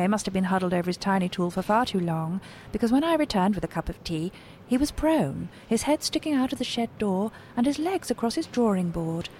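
A woman's voice: mid-range voice, creaky, darkish tone, a little hiss or hum. A genteel housewife in a prim, breathless manner, reading her comic diary aloud and playing out her own encounters. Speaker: diarist narrating her day. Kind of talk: comic diary narration and acted scene.

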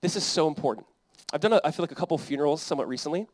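Young guy pastor preaching, kinda high voice, earnest and chatty, dry close sound. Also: lively intonation, rapid-fire, no room sound. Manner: earnest, conversational preaching with rising emphasis. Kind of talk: sermon.

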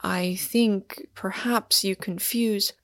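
A woman reading the part of an older male professor in an audiobook, speaking in a hesitant, measured way. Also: mid-range voice, dry recording.

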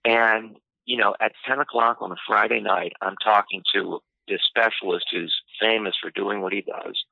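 A man telling a personal story in an interview, unhurried and full of "you know" fillers. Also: lowish voice, steady tone, vocal fry, dry recording. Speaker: interview guest. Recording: tinny phone-line audio, dry.

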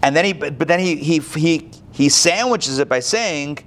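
A man's voice: fairly high pitch, lively intonation, moderate pace, fairly bright tone. A man teaching a casual Bible class, talking conversationally with many restarts.

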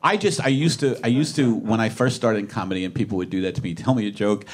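A man's voice: lowish voice, animated, fast talker, husky. A man, a comedian, chatting casually on a live show, rambling and self-deprecating, slipping into sighing mock voices. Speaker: comedian podcast host. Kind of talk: casual chat. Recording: live stage, faint noise.

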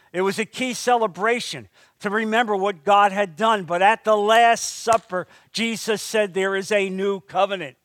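A man delivers a sermon with a fairly high voice and lively, animated preaching. His delivery swings up into emphatic bursts and drops back down. The sound is dry, with little room around it. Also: no echo. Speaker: pastor.

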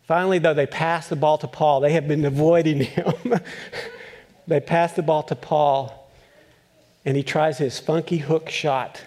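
A male pastor preaching a sermon, telling a story with acted-out voices and chuckles, then asking animated questions. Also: on the high side, a little slow.

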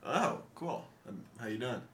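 A man's voice: medium pitch, expressive, unhurried, a bit bright. A man voicing a casual, friendly male lord who talks in a laid-back, chummy way.

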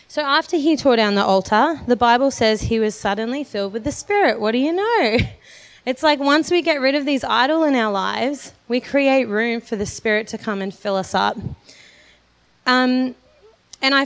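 A young woman with a fairly high voice preaches to a congregation, earnest and heartfelt as she shares her own story. Her words ring out with a long reverb in the church hall. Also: clean tone. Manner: earnest, personal testimony with light laughs. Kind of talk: sermon.

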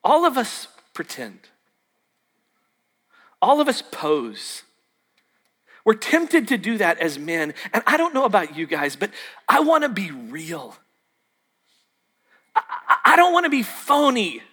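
A man's voice: high voice, wildly swooping pitch, takes it slowly, pauses often, bright, forceful tone, husky. A man preaching a sermon, telling a story and acting out the dialogue with jokey asides. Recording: long hall reverb.

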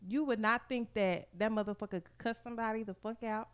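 A woman's voice: a little high, fairly even intonation, fairly quick, clean tone. A woman talking in a casual podcast chat, candid and profane, full of fillers. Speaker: podcast co-host.

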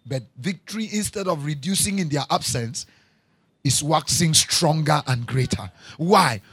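A man preaching a sermon, repeating his lines, moving from quiet storytelling to shouting. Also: fairly high pitch, normal speed, husky, dry recording. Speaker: pastor.

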